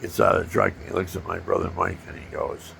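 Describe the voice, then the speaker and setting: An older man with a gravelly voice, rambling through personal stories and acting out punches with sound effects. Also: deep voice, level tone, fast talker, a bit bright. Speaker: storyteller.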